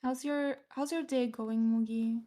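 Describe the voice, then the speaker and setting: A woman's voice: on the high side, fairly even intonation, unhurried, warm tone. A woman streamer chatting casually while drawing, giggly and easily startled, with the odd swear.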